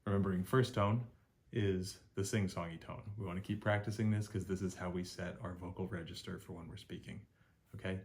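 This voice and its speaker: A man with a fairly low voice teaches Mandarin pronunciation in an upbeat spoken lesson. He repeats each sound several times and praises the learner often. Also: steady tone, a little fast.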